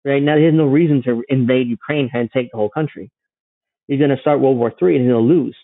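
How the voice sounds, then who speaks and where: A man reacts to a news clip with casual, sarcastic commentary, mocking it and swearing freely. His mid-range voice moves briskly. The recording is dry and narrow, like a phone, with no echo.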